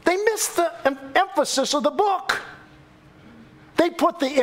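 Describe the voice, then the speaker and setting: A male pastor preaching a sermon, telling the story with animated delivery and acting out the quoted voices. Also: very high-pitched, a little slow.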